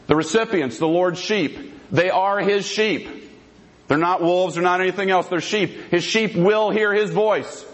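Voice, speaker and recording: A man's voice: sits high, unhurried, low-quality recording. A man giving a formal debate presentation, emphatic and repeating his key points.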